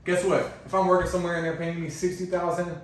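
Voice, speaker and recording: A man's voice: high voice, fast talker, a little hiss or hum. A man co-hosting a podcast, telling stories in casual chat and acting out what people said. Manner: animated storytelling, acts out quoted people. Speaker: podcast co-host. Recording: echoey room, mic far off.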